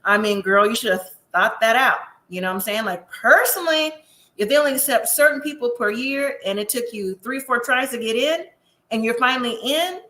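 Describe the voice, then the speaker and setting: A woman's voice: a little high, a little fast, sharp tone. A woman from the US West Coast gives a chatty, sassy recap of a reality show and talks straight to her viewers. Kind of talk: casual recap commentary. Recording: echoey room.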